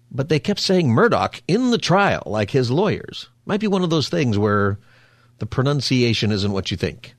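A man hosting a radio talk show, chatting quickly and casually with jokey asides into a studio microphone. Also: medium pitch, no echo.

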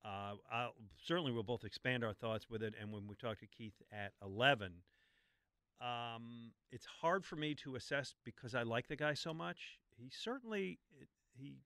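Bright-voiced male radio co-host. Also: mid-range voice, normal speed, no room sound. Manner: conversational, affable. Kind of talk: sports talk radio. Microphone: studio microphone.

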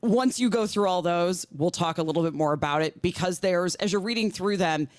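A woman's voice: on the low side, a little fast, no echo. A woman co-hosting a radio talk show over a video call, her mouth numb from dental work, laughing often and slurring words a little. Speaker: radio co-host. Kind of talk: casual talk radio chat. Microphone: remote over video call.

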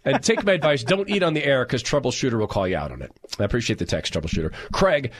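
A middle-aged man hosting talk radio with a husky, slightly rough voice. His pitch swings widely as he tells stories and reacts to listener messages in a loud, animated way. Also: fast talker, hardly any pauses. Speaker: radio talk show host. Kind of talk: talk radio monologue reading listener texts.

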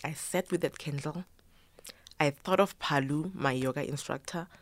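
A woman's voice: low-pitched, normal speed, no room sound. A middle-aged woman guest telling a personal story with feeling, acting out the voices she quotes and slipping in Zulu phrases. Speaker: guest, choreographer and yoga teacher.

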